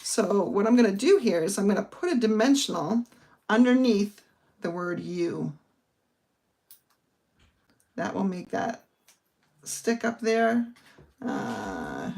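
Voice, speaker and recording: A woman's voice: medium pitch, big pitch swings, takes it slowly, long pauses, a little mellow. A middle-aged woman from the northern United States, chatting casually as she explains a card-making project step by step. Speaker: papercraft instructor. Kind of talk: casual crafting demonstration.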